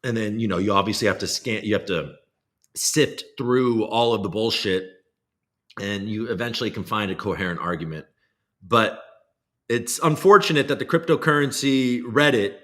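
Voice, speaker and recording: A man's voice: lowish voice, a bit bright. A man hosting a casual livestream, rambling, self-deprecating and swearing now and then. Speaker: livestream host.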